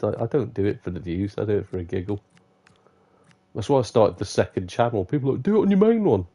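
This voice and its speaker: Gravelly man chatting over gameplay. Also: on the low side, quick pace, dark tone. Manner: chatty, self-mocking, laughs often, mutters to himself. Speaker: gaming streamer. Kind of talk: casual live gameplay commentary.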